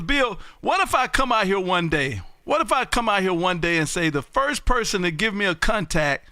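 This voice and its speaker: Loud folksy ham radio host. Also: male voice, high voice, no echo. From Texas. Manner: loud, folksy, drawn-out exclamations. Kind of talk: casual on-air radio chat.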